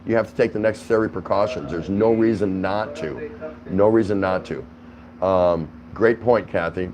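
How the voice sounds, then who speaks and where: A man's voice: low voice, moderate pace, crowd noise, rough recording. A man hosting a casual livestream from his home, chatting with viewers, greeting them by name and laughing often. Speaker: livestream host.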